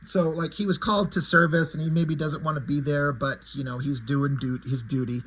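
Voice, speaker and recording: A man's voice: fairly high pitch, steady tone, fairly quick, fairly bright tone, husky, poor audio. A man chatting casually about a comic book, rambling and blunt, with strong opinions. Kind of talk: casual chat.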